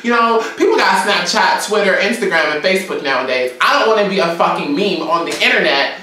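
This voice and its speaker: A woman from Georgia, telling a story in a sassy, animated, profane vlog rant. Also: fairly low pitch, a little fast, recorded from a distance, a little hiss or hum. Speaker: vlogger. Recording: very echoey room, away from mic.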